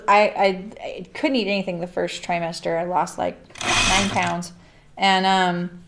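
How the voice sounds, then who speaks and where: A middle-aged woman hosting a live sewing stream, chatting casually and laughing often as she works. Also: medium pitch. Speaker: sewing livestream host.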